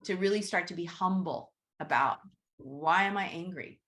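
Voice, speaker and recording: A woman's voice: fairly low pitch, normal speed, fairly bright tone. A woman hosting a casual group teaching session over a video call, talking conversationally and often checking in with "right?". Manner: conversational, repeats "right?", acts out inner thoughts. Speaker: Reiki teacher, host.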